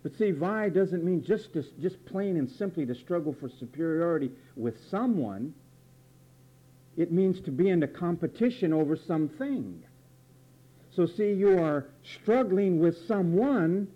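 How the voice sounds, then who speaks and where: A man delivers a sermon in a fairly high voice, emphatic and repetitive. He drills word definitions and keeps asking rhetorical questions. The sound is muffled, like an old lo-fi tape. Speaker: preacher. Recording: dull lo-fi recording.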